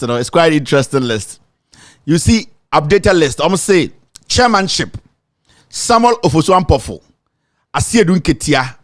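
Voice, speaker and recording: A man with a Ghanaian accent hosting opinionated political commentary, speaking emphatically with drawn-out exclamations. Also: on the high side, no echo, studio quality.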